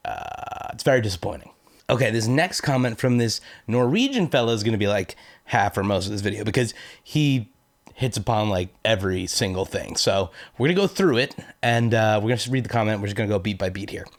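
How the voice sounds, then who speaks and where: A man's voice: fairly low pitch, expressive, fairly quick. An American man hosting a casual video, reading viewer comments aloud and chatting in a rambling, self-deprecating way with lots of fillers. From United States. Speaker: YouTube host.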